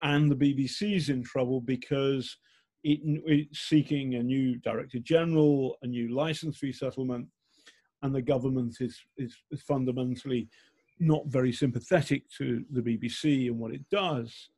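A man of about sixty from England, with a slight northern English accent, tells candid stories as a journalist guest in an interview. His mid-range voice is dark, slightly rough and fairly even, at a moderate pace, and he is blunt and self-mocking with many ums and restarts.

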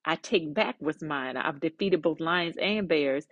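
A woman's voice: low voice, unhurried, a bit bright, no echo, lo-fi sound. A woman voicing an earnest, bold young shepherd man as she retells a story.

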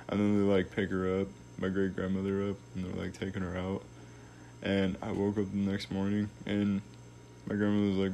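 Young guy with a real low voice, chill slangy storytelling, cusses a bunch, bit of hiss behind him. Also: flat delivery, normal speed, a little mellow. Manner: laid-back, slangy, swears a lot. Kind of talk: casual storytelling chat.

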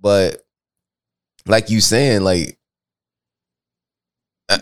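A young man co-hosting a podcast in casual chat, rambling and animated, jumping up high when he reacts. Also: drawn-out words, clean tone. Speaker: podcast co-host.

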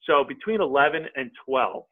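A man, a podcast guest, telling a story in a casual, animated way and acting out what people said. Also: mid-range voice, moderate pace. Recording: tinny phone-like line.

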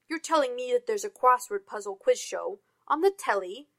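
A woman voicing a sarcastic male office IT worker, reading it loudly and mockingly. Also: on the high side, lively intonation, moderate pace, voice pushed up.

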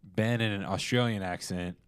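A man's voice: lowish voice, fairly even intonation, normal speed, clear, resonant tone, no room sound, studio quality. A young man hosting a casual podcast chat, rambling through fillers and restarts. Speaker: podcast host.

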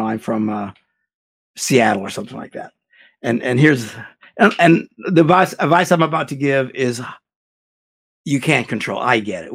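A man giving blunt, animated relationship advice in a casual chat. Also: mid-range voice, creaky, breathy edge.

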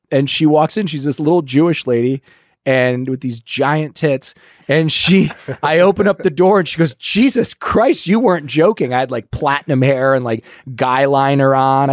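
A man telling a long personal story in an interview, rambling and profane, getting animated when he quotes other people. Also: medium pitch, no room sound, studio quality. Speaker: guest in recovery.

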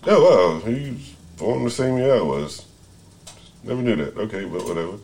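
Deep-voiced man rambling in casual podcast chat. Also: sing-song, moderate pace, a little mellow. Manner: rambling, self-interrupting, restarts sentences. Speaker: podcast host.

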